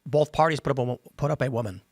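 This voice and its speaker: A man's voice: mid-range voice, racing, a little mellow, no echo. A man hosting a panel podcast, opinionated and explanatory, talking at length around a studio table. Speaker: podcast host. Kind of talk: casual panel discussion. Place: studio table with other hosts.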